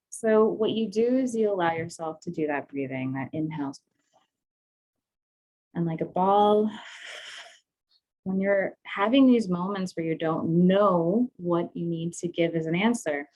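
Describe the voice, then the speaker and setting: A woman's voice: medium pitch, darkish tone, low-quality recording. A woman coaching on intimacy, leading a guided class in a candid, conversational way, often laughing.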